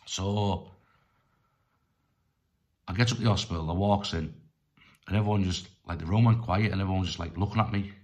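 A middle-aged man telling a personal story in a rambling, halting way, full of restarts and fillers. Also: deep voice, darkish tone. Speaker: storyteller vlogger.

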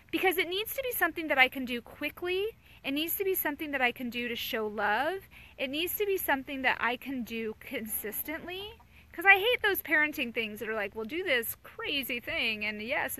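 A woman in her thirties hosts a casual live chat for viewers. Her voice sits high and sounds bright and forward. She talks candidly and chattily and answers viewer comments as they come in. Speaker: mother hosting a live chat.

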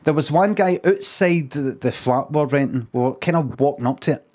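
A man's voice: fairly high pitch, moderate pace, a little mellow. Glaswegian man rambling on a stream. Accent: Scottish, Glaswegian. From Scotland. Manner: rambling, dry storytelling with restarts and swearing. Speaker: livestreamer. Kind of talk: casual live-stream chat.

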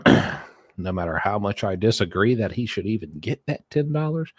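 A man giving sarcastic reaction commentary on a recorded phone call, mumbling low, then bursting out in exasperation. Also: lively intonation, moderate pace, slightly rough, dry recording, studio quality. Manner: sarcastic, mocking, swings between mumbling and exasperated outbursts.

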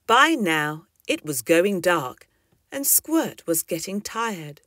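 Woman reading a children's story with lively expression. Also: fairly low pitch, slow pace, no echo, studio quality. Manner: expressive and lilting.

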